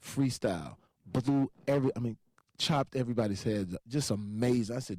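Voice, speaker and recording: Male storyteller, animated, full of laughs and quick voice impressions; mid pitch, very lively swings, dry close sound. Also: dry recording. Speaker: entertainer telling a story. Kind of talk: animated anecdote with acted-out quotes.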